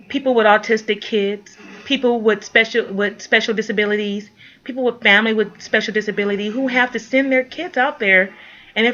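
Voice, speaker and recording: A woman's voice: fairly high pitch, fairly bright tone, muffled recording. A mother speaking out to the camera in an impassioned appeal, indignant, pleading and emphatic.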